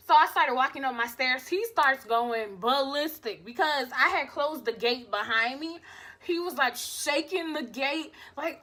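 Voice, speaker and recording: Young woman, high voice, bright tone, animated, swears freely, casual storytime. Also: measured pace. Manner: animated, profane, acts out her own lines. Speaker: vlogger.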